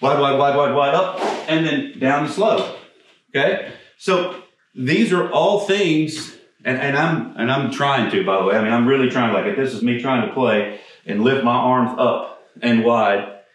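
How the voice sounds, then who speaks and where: A man's voice: mid-range voice, measured pace, a bit bright, a little hiss or hum. Man, golf instructor, blunt casual talk, short of breath, very echoey, mic far away. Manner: casual, blunt, swears, demonstrating while talking. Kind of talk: on-camera swing demonstration. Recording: echoey, from a distance.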